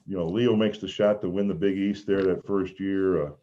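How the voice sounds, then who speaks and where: A man's voice: deep voice, normal speed. A man telling rambling stories as a former mascot guest on a video call. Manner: rambling, animated, shouts out quoted lines. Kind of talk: casual storytelling on a video call. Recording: dull lo-fi video call audio.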